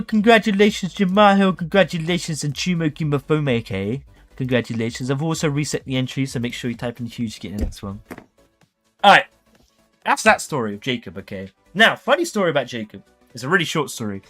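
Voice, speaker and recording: Young man, livestream host, animated and jokey storyteller with a very lively delivery. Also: a little high, fairly quick, faint music behind. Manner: animated, jokey, acts out voices.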